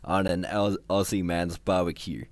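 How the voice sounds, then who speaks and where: A gruff space mentor who growls his threats low and flat, as a man reads him out. The voice sits close to the reader's own low register. It is a dry, close recording with no room sound. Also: normal speed, no echo, close to an everyday voice. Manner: growling, calls others lad and matey.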